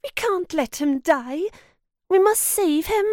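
A woman voicing a brave, bossy young girl who talks in a brisk, commanding way. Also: very high-pitched, expressive, darkish tone, no echo, clean studio sound, heavily acted. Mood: worried.

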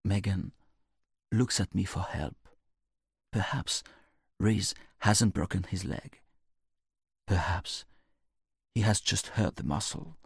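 A man narrating a storybook in a clear, measured storytelling manner. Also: deep voice, dry recording, clean studio sound.

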